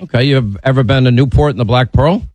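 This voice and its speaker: A man's voice: mid-range voice, fast, darkish tone, rough recording. A man hosting a call-in radio talk show, blunt and opinionated in a conversational way. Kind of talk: talk radio, taking calls.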